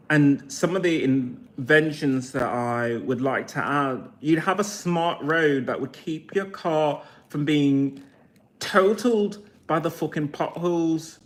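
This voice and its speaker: A man's voice: a little high, takes it slowly. A man in his forties, talking to camera in a blunt, mocking rant full of swearing. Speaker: vlogger.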